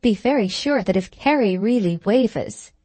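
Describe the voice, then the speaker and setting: A woman reading the part of a poised, shrewd upper-class Victorian hostess, with measured, drawn-out phrasing. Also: mid-range voice, animated, mellow, no echo, close to an everyday voice. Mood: knowing.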